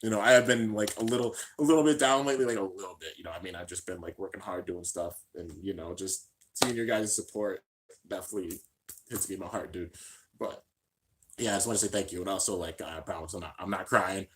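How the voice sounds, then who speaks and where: A man hosting a live reaction stream in casual, slangy chat, swinging between hyped shouts and low mumbles. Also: fast. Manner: excitable, slangy, keeps saying "dude".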